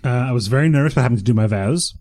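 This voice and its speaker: A man's voice: mid-range voice, very fast, a little mellow. A man co-hosting a podcast in casual chat, dropping dry, wry comments. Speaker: podcast co-host.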